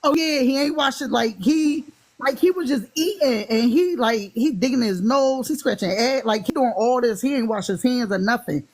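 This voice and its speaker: Philly woman, raised voice, lively raconteur who acts out every quote. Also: a little high, moderate pace. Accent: Philadelphia. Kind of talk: casual storytelling chat.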